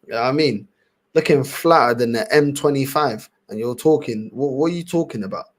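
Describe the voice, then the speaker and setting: A man's voice: medium pitch, brisk. A young man with a London accent hosting a casual livestream, reacting with laughter and repeated slang-heavy banter. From England. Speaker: livestream host.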